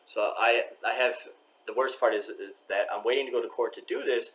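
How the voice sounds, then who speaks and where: A vlogger with a medium-pitched, fairly bright voice talks fairly quickly to his camera while waiting in a courthouse. His monologue rambles, full of restarts, and often trails off into a mutter.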